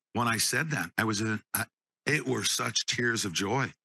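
Gravelly man giving a halting testimony. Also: lowish voice, pushed and bright, no echo. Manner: halting, repeats words, choked up. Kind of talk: emotional personal testimony.

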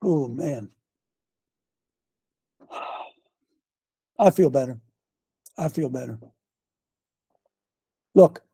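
A man preaching a fiery sermon, folksy and combative, with slang and sudden shouts. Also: mid-range voice, animated, drawn-out words, creaky, long pauses, slightly rough, no room sound. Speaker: pastor.

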